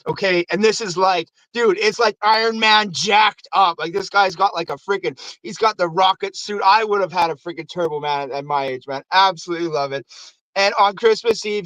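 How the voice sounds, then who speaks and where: A man with a high-pitched voice hosts a show, casually recapping a movie with plenty of swearing. He's animated and acts out quotes in raised voices. The recording is rough, with no echo.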